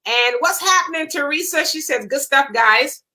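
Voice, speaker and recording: A woman with a high, bright voice hosts a casual chat. She reads viewer comments aloud and keeps the conversation moving. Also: animated, moderate pace, low-quality recording. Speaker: host reading viewer comments.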